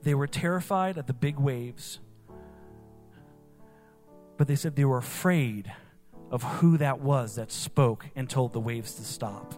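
A man's voice: mid-range voice, a little slow, pauses often, a little mellow, in a large hall, soft background music. A young man from New Jersey preaching a sermon in a conversational way, with casual fillers. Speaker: pastor. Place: church.

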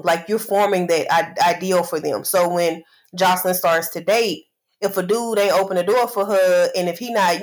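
A woman's voice: mid-range voice, poor audio. A woman co-hosting a casual podcast, talking reflectively in long winding sentences full of "you know". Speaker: podcast co-host.

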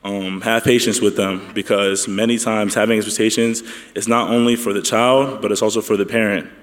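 A man speaking as a panelist at a church discussion in a measured, steady way. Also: on the low side, long reverb tail.

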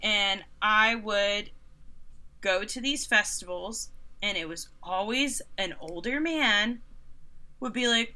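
A woman in her thirties, a concert photographer, telling stories in a casual interview with animated sarcasm and mocking quoted voices. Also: medium pitch, a little slow, pauses often. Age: 30s.

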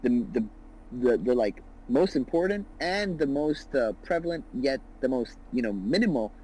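A man's voice: medium pitch, lively intonation, moderate pace, darkish tone, slight background noise, rough recording. A man in his twenties talking as a guest about his business, earnest and rambling, with lots of "you know" and "right". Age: 20s. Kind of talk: casual podcast conversation.

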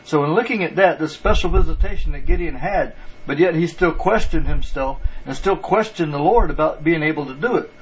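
A man's voice: on the high side, a little fast, husky, muffled recording. A man preaching a sermon in an earnest, repetitive way, restarting phrases for emphasis.

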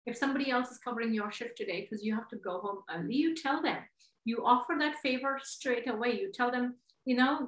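Woman guest talking straight and emphatic, a bit high, roomy echo. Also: brisk, a bit bright. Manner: frank and emphatic, with vivid examples. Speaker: guest speaker. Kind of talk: candid webinar talk.

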